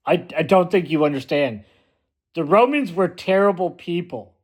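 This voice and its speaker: A man's voice: on the high side, normal speed. A man delivering a blunt, emphatic ranting monologue as a vlogger, often repeating himself for force.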